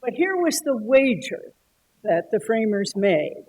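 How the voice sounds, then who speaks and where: A woman guest speaker answering a question in a deliberate, considered way. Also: fairly high pitch, very animated, darkish tone, low-quality recording. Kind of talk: lecture answer.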